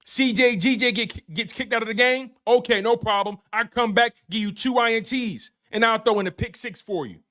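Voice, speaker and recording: This sports show host has a very high-pitched, bright, forceful voice at normal speed with few pauses. Hyped on his live-stream recap, he talks straight to his chat, reads super chats, and repeats phrases for emphasis.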